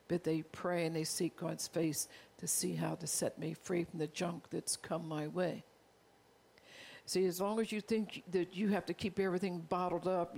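In a heartfelt sermon, a pastor speaks with a gravelly, creaky, darkish voice pitched in the middle range. His delivery is earnest and confessional, and he often calls out to the congregation.

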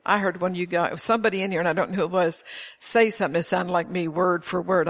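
An older woman with a lowish voice preaches an informal sermon to a small congregation at a quick pace. She tells stories emphatically and chuckles often.

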